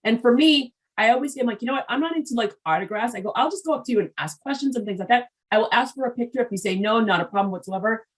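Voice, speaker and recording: A woman hosting an interview show, chatty and frank, quick to laugh. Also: a little high, low-quality recording. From Haitian background. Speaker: podcast host. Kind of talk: casual interview chat.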